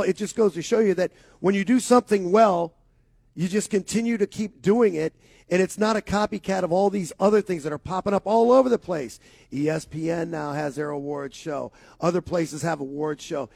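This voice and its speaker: A man's voice: sits high, brisk, gravelly, a little mellow, no echo. A man from co-hosting a sports radio talk show, talking with enthusiasm and emphasis.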